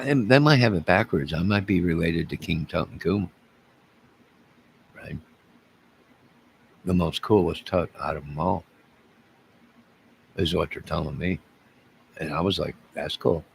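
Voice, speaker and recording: Deep gravelly guy rambling to his channel, jumps topic to topic, keeps restarting, bit of faint noise behind. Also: measured pace, pauses often, low-quality recording. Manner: rambling, digressive, with frequent restarts. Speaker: YouTube channel host. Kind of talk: rambling solo vlog.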